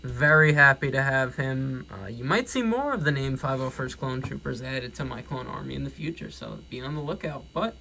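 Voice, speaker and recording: Gravelly young New York guy reviewing toys. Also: medium pitch, animated, moderate pace, hardly any pauses, sharp tone, a little hiss or hum. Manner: enthusiastic, rambling, self-correcting. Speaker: toy reviewer. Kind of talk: casual review vlog.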